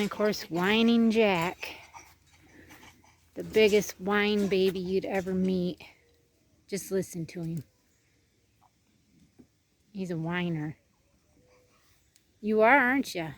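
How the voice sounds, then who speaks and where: Female vlogger, easygoing walk-and-talk outdoors, faint hiss behind, slow delivery. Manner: chatty, coos to animals in a higher voice. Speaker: homestead vlogger. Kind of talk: casual walking tour narration. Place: outdoors on a farm.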